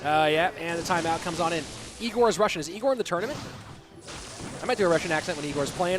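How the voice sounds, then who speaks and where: A man casting a live esports match on his own, answering chat between excited play calls. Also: a little high, fast talker. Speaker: esports caster. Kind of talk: solo live esports commentary with chat reading. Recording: loud music behind voice.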